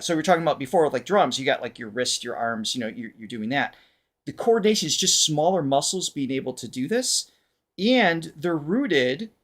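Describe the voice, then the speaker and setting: A man hosting a reaction show as a vocal coach, explaining things in a casual, animated way and laughing often. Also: fairly high pitch.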